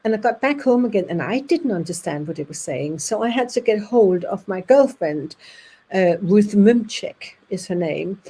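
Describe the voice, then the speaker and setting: A woman's voice: medium pitch, slightly rough, low-quality recording. A woman from Denmark with a Danish accent, telling anecdotes to an audience and acting out the voices in them. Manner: lively, acts out voices in her anecdotes, with halting restarts. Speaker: speaker at an audience evening.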